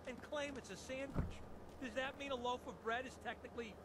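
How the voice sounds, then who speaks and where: A man's voice: extremely high pitch, fairly even intonation, brisk. An actor playing an argumentative male wasteland settler in a video game, scoffing at each point he hears. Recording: noisy game audio.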